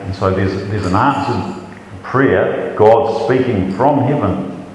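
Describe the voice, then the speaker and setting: A man's voice: fairly low pitch, measured pace, darkish tone, a little hiss or hum. A man preaching a sermon, talking in a conversational way and often repeating words as he restarts. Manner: conversational, repeats words when restarting, acts out doubters' voices. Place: large echoey hall. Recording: echoey hall with long reverb.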